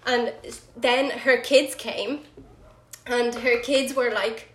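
A woman telling a story in a casual chat, animated, full of "like" and "right?", laughing often. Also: fairly high pitch, slow pace. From Ireland. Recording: roomy echo.

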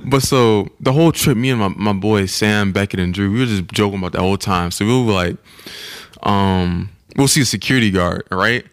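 Low-voiced young man telling stories. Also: fairly quick, clear, resonant tone, no echo. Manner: laid-back, rambling, laughs while telling stories. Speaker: podcast co-host. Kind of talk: casual storytelling chat.

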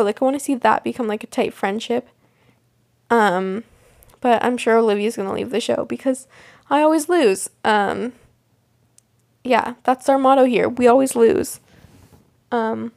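A young woman rambles through a casual solo podcast about a TV show, using plenty of fillers and restarts. Her voice is on the high side, creaky and a little mellow.

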